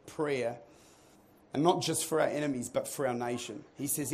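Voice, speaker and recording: A man preaching a sermon to his church, moving between quiet teaching and loud, rousing calls to the congregation. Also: mid-range voice, moderate pace. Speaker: pastor. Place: church auditorium.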